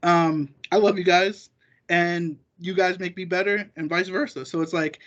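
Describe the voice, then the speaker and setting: High-voiced man in muffled, rambling chat. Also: fairly even intonation, normal speed, a bit bright. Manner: rambling and profane, acting out quoted remarks. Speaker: guest, jiu-jitsu competitor. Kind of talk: casual podcast chat.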